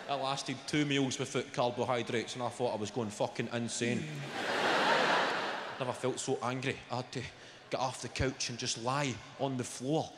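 A Scottish man doing a stand-up routine, telling an animated story full of swearing. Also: medium pitch, moderate pace. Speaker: stand-up comedian. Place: live comedy venue. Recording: echoey live venue with loud crowd noise.

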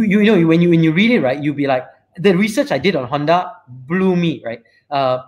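A man with a Malaysian English accent hosting a casual live-stream chat. He rambles freely, tagging sentences with "right?" and lots of fillers. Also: fairly high pitch. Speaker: show host and company CEO.

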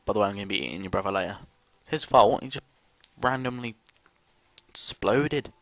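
A man's voice: fairly low pitch, brisk, a bit bright, dry recording. A young man swearing his way through casual gameplay commentary, jumpy and given to sudden screams.

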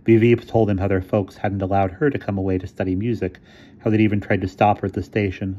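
A man reading a short story aloud in measured narration. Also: fairly low pitch, fairly even intonation, warm tone, highs cut off. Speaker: reader. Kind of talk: scripted narration.

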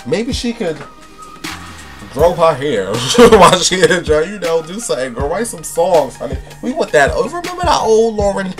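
A man's voice: fairly high pitch, big pitch swings, normal speed. Sassy camp man gossiping, faint music behind. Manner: sassy, flamboyant, camp delivery with "honey" and "baby". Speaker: vlogger. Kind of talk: casual celebrity gossip vlog.

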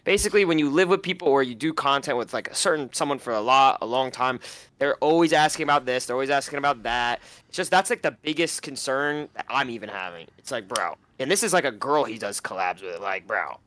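A young man banters crudely and teases his friends in a casual stream chat. His pitch swings widely, and the sound is dry and close. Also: animated, brisk, fairly bright tone, dry recording.

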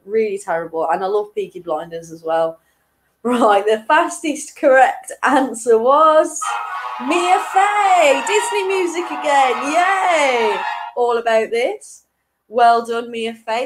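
A young woman runs a weekly online quiz, reading each question twice and laughing off her slips. Her voice is fairly high and swoops up and down with lively energy. She speaks slowly and takes her time. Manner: chatty and giggly, reading questions twice, tripping over words. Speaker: quiz host. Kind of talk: casual online quiz hosting.

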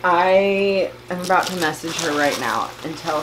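Slow-talking emotional woman vlogger. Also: fairly low pitch, background noise. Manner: gushing, overwhelmed and emotional. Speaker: plant vlogger. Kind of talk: casual unboxing vlog.

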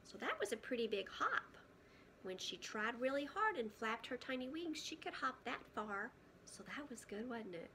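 A woman preschool teacher reading a picture book aloud to children, gentle and often hushed, stopping to ask questions. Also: fairly high pitch, big pitch swings, normal speed, noisy background.

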